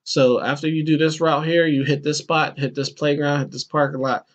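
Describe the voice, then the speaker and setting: Over a muffled recording, a man hosting a podcast spins a story at a moderate pace in relaxed conversation. Whenever he quotes someone, he performs their voice with animated jumps in pitch.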